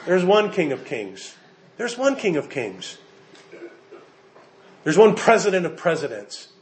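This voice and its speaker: A high-voiced American pastor preaches to his congregation with lively emphasis. He slows for weight, then quickens for a joke. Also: slight background noise. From United States. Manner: animated, emphatic, jokes with the congregation. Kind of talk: sermon.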